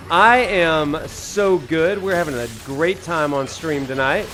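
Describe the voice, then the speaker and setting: A man's voice: on the high side, takes it slowly, hardly any pauses. A man with a Southern US drawl hosting a live gameplay stream, greeting chat viewers with enthusiasm. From Alabama, USA. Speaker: streamer and professor. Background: faint game music.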